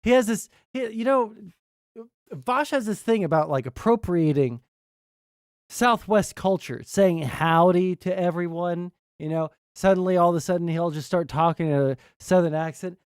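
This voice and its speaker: A man's voice: high-pitched, moderate pace, clean tone, dry recording, studio quality. Profane, rambling male streamer. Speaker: streamer reacting to videos. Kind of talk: casual reaction commentary.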